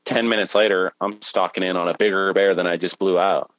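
A man guest on a podcast, telling a hunting story in a lively way and acting out his own thoughts. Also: low-pitched, brisk, no room sound, low-quality recording. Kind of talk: casual podcast conversation, storytelling.

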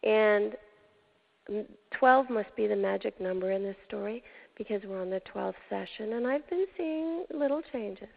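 An older woman hosting a show, telling a personal story with emotion, dramatic pauses and hushed moments. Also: mid-range voice, gravelly. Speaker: show host. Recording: tinny phone-like sound.

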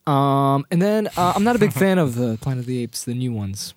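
A man's voice: mid-range voice, sing-song, fairly quick. A man hosting a casual movie podcast, hesitant and full of fillers, repeating words as he thinks. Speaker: podcast host.

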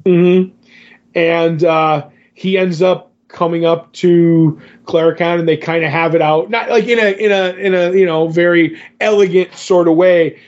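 A man talking through a comic book story in loose, casual podcast chat, stopping and restarting his sentences often. His voice sits a little higher than most men's. The audio is dull and lo-fi, with the top end rolled off. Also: fairly even intonation, unhurried, a little mellow. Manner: rambling, many fillers and restarts. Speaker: podcast co-host.

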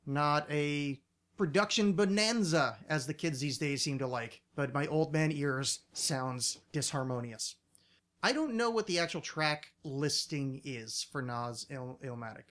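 A man's voice: a little high, lively intonation, a little slow, a bit bright. A middle-aged man hosting a podcast in casual chat, rambling and swearing, with a self-mocking manner. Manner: profane, rambling, self-mocking, slips into mock voices. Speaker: podcast host.

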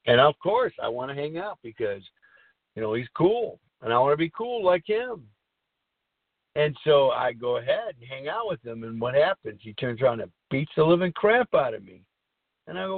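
A man's voice: on the high side, sing-song, moderate pace, no room sound. A middle-aged man hosting a recovery talk show, speaking in a rambling, earnest way and repeating himself. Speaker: podcast host. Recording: tinny phone-like line.

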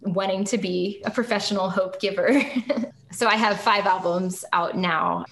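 A middle-aged woman, a singer-songwriter guest on a podcast, telling her personal testimony in an earnest, reflective way and slowing down on key phrases. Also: medium pitch, steady tone, vocal fry, a bit bright, slight background noise.

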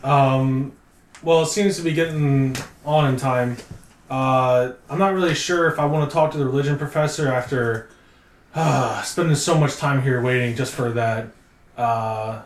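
Male player, relaxed, rambling, echoey room. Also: medium pitch, moderate pace. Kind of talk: in-character tabletop role-play. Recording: roomy echo.

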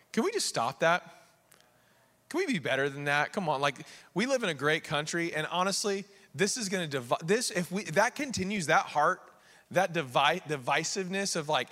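A male pastor preaching an animated sermon, swinging between quiet asides and raised preaching and acting out the figures in quick voices. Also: a little high, in a large hall. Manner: acts out the king and others in quick voices. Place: church sanctuary.

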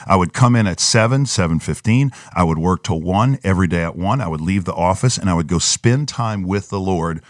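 A man's voice: low voice, animated, brisk, few pauses, no room sound, clean studio sound. A man, a pastor, telling an earnest personal story in a podcast conversation and acting out the voices in his head.

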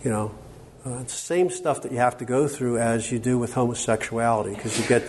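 Speaking fairly quickly in a mid-range, slightly mellow voice, a male workshop presenter lectures at a conference over a faint hiss or hum. He keeps it conversational and emphatic, often asking "okay?"

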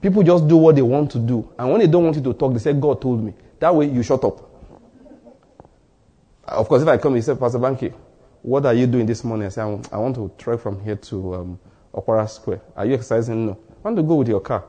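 A man preaching a sermon as pastor, telling stories and acting out short exchanges, with sudden rises in pitch for emphasis. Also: fast talker, dark tone, husky. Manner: storytelling, acts out dialogue in asides.

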